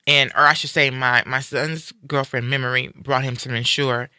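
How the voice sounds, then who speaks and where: A man in a casual live-stream conversation, retelling a personal story in an animated way and acting out what people said. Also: mid-range voice, normal speed, clean tone, no room sound, studio quality. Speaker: guest sharing a personal story.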